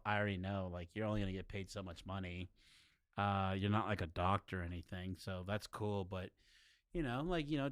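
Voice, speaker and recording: Young man, casual stream chat, low and smooth, rambling with lots of dude and bro. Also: fairly bright tone, no echo, clean studio sound. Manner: laid-back, rambling, says dude and bro.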